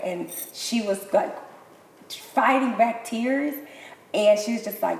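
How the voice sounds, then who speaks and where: A woman, a guest on a talk show, telling her own story in an animated way, repeating herself and laughing between words. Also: on the high side, slow, creaky. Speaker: guest, cancer survivor. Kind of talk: emotional personal storytelling. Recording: echoey room with long reverb, faint noise.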